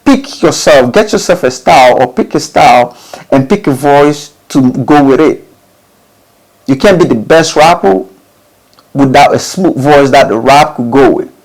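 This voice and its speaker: A man's voice: a little slow, low-quality recording. A man giving informal advice to recording artists, often restarting phrases and asking rhetorical questions. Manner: repetitive, restarts phrases, rhetorical questions, lively pitch swings. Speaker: music studio instructor.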